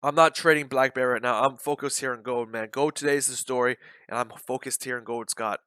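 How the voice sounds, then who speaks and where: A man's voice: mid-range voice, fairly even intonation, brisk, sharp tone, clean tone, no room sound. A man giving live commentary on a day-trading stream, blunt and repetitive, openly frustrated.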